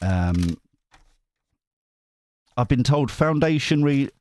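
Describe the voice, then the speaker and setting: A man chats casually to his viewers as a tarot host, rambling and joking and often breaking off mid-thought. His pitch swings widely as he talks, and his voice is close and dry with no room around it. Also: expressive, slow, darkish tone, dry recording. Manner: rambling, jokey, self-interrupting. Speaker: tarot reader and channel host. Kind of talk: casual chat to camera.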